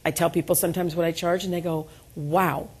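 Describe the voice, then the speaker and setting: Against a noisy background, a middle-aged woman talks rapid-fire in a low-side voice with a level tone. As keynote speaker in an event room, she motivates the audience with self-deprecatingly humorous stories and calls for their responses.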